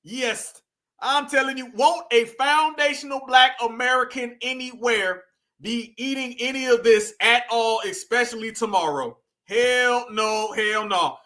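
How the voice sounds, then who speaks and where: A man's voice: very high-pitched, unhurried, sharp tone. A man giving scornful reaction commentary, laughing often and repeating phrases for effect.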